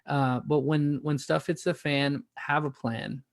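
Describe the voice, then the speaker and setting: A man's voice: fairly high pitch, fairly even intonation, measured pace, vocal fry, no room sound. Chatty male podcast host, dry sound. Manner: rambling, encouraging, restarts sentences. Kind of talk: casual interview hosting.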